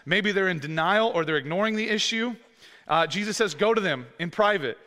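A man's voice: sits high, expressive, fairly quick, bright, forceful tone. A man in his thirties, a pastor preaching a sermon in a casual, conversational way, with many fillers and restarts. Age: 30s. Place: church sanctuary with long reverb. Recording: echoey hall reverb.

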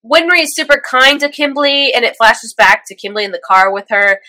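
Woman co-host with a cold, bright forceful voice, dry mic, lively fangirl recap, slightly high. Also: dry recording, low-quality recording. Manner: animated, quick recapping with quoted character lines. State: stuffy from a cold. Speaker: podcast co-host recapping an anime episode. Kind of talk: casual chat.

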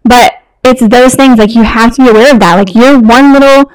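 Middle-aged woman, podcast co-host, lively storyteller with a high-ish voice, dry close sound. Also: a little fast, no echo, poor audio. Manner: animated storyteller, acts out quoted lines. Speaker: podcast co-host, wedding business owner. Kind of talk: casual chat.

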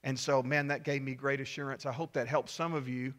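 A man's voice: mid-range voice, level tone, brisk, fairly bright tone. A middle-aged male pastor preaching a sermon, sharing personal stories with earnest, emphatic appeals.

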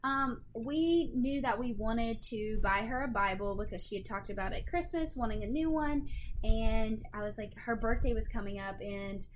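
Young woman, podcast co-host, expressive and emotional storyteller, casual chat. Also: a little high, normal speed, slight background noise. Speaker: podcast co-host, expecting mother.

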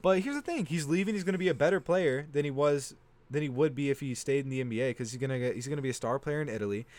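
A teenage boy co-hosting a casual sports podcast, animated and prone to stumbling over player names. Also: mid-range voice, fast talker, no echo. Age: teens. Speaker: podcast co-host.

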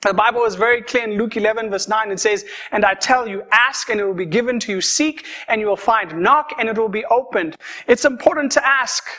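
Bright, high-voiced young male preacher. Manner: storytelling, conversational and lively. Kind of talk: sermon.

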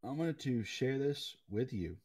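Animated young man telling gaming stories. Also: medium pitch, measured pace, husky. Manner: animated storytelling, swearing. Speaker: podcast co-host. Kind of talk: casual gaming chat.

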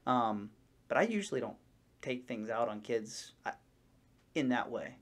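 A man co-hosting a casual podcast, telling stories in a rambling, animated way with many restarts. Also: mid-range voice, a little slow. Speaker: podcast co-host. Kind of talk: casual chat.

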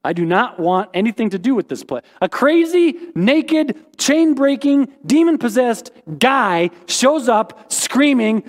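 A man preaching a sermon as a pastor, animated and joking, with sudden high exclamations. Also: unhurried, few pauses, in a large hall.

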